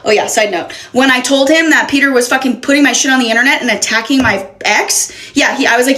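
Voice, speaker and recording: A woman's voice: high-pitched, quick pace, hardly any pauses, a bit bright. A young woman telling an exasperated, profanity-laced story in a casual storytime. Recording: roomy echo.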